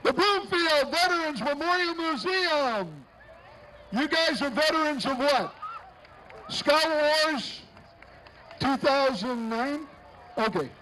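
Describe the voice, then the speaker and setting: A man's voice: extremely high pitch, a bit bright, slight background noise, low-quality recording. A man announcing a street parade outdoors, joking and bantering with the people passing by. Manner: jokey, bantering with passing entrants. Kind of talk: live parade commentary.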